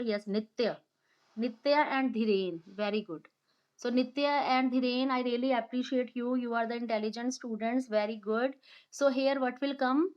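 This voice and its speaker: A woman with an Indian English accent and a high voice teaches grammar online. She reads each sentence slowly, putting stress on words, and praises her students by name. The recording sounds dull and lo-fi.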